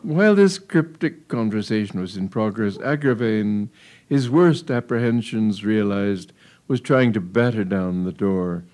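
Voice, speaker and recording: A man's voice: lowish voice, animated, measured pace, darkish tone. A man reading a humorous story aloud in a wry, amused storytelling manner. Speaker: narrator. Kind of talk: audiobook reading of a comic tale.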